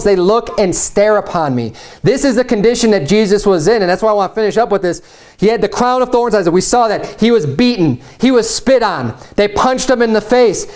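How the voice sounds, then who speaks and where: A man's voice: high-pitched, animated, moderate pace, darkish tone. A man preaching a sermon as pastor, reading scripture aloud with earnest, rising emphasis.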